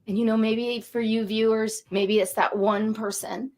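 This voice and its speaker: Talk show guest, woman, late 50s, higher voice, animated and heartfelt storyteller. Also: measured pace. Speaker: guest, energy coach. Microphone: studio or video call mic.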